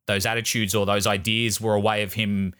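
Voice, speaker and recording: A man's voice: lowish voice, little pitch movement, a little fast, pushed and bright, smooth. A man in a casual film discussion, thoughtful, often repeating words as he searches for the point.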